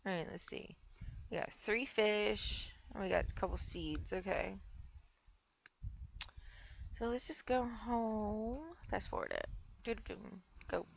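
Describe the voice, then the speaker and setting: A woman's voice: medium pitch, measured pace, gravelly, pauses often, dull audio, slight background noise. A young woman with a stuffy nose giving casual, rambling let's play commentary, chatting to the characters on screen. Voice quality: rambling, filler-heavy, talks to the game characters. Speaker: gameplay streamer.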